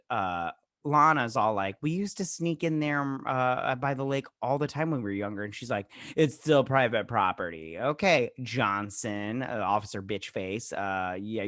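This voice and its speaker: A man's voice: mid-range voice, fairly bright tone, dry recording, studio quality. A man hosting a show, casually recapping and reviewing a TV episode in a rambling way, padded with fillers and quoted character lines. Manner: rambling, filler-heavy retelling full of "he's all like" quotes; briefly acts out characters' lines in quoted bits. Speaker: show host.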